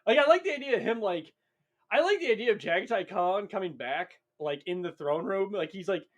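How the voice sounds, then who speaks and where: An excitable man co-hosting a casual podcast, his voice sitting a little high and swinging widely in pitch. He swears freely and gets loud when a theory grabs him. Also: a little fast. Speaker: podcast co-host. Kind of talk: casual chat.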